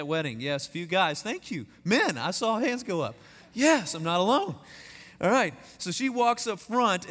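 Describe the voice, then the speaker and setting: A man's voice: on the high side, a bit bright. A man in his thirties from East Texas with a Texan accent, preaching a sermon as a guest and telling stories with folksy, self-deprecating humor. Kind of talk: storytelling sermon. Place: large church sanctuary. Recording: echoey church hall reverb.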